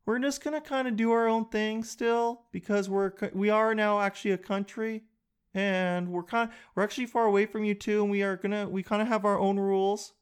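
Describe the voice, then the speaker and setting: A man's voice: sits high, steady tone, fairly quick, smooth, pitched above the performer's own voice, close to an everyday voice. Canada as a timid younger sibling, voiced by a man in a raised, thin voice. The delivery is meek and hedging, and it pleads politely for freedom. It is a comic bit in a podcast chat. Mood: pleading.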